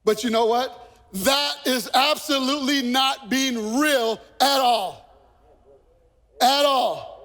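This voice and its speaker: A man with a strikingly high voice delivers a slow, unhurried sermon as a pastor, building with passion to shouted peaks. His words ring with the long reverb of a church hall, with faint music underneath. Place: church sanctuary.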